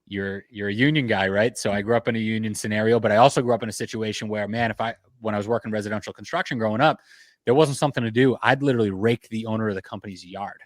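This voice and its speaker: A man who is a general contractor hosts a podcast in a casual interview, telling animated stories, swearing casually and laughing at his own tales. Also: lowish voice, quick pace, no echo. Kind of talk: casual interview chat, storytelling.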